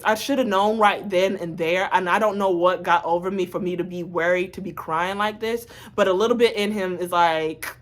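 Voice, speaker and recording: A woman's voice: medium pitch, normal speed. A woman with a mid-range voice tells a personal story to her viewers. She talks casually and with animation, turning often to speak to the audience directly. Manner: animated and chatty, full of asides to viewers. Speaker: storytime vlogger.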